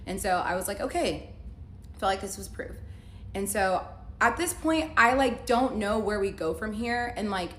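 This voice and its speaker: A woman's voice: medium pitch, expressive, normal speed, a bit bright. Chatty young woman telling a story. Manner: chatty, heavy use of "like" fillers, acts out quoted dialogue. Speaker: storyteller recounting a relationship. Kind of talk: casual story-time vlog. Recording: echoey room with faint noise.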